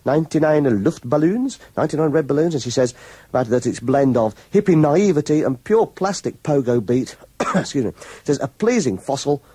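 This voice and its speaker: Brief: male broadcaster, slightly high, husky, dry studio sound, chuckling sarcasm. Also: animated, normal speed, dark tone, no echo. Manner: gleeful, mocking, chuckles often. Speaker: radio show regular, review commentator. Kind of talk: chatty radio talk, reading reviews aloud. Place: radio studio.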